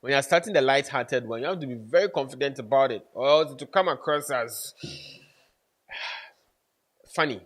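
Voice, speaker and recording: A man's voice: mid-range voice, normal speed, pauses often, a bit bright. A man giving networking advice to camera, emphatic, repeating key points and checking in with his listeners. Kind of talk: casual instructional talk to camera.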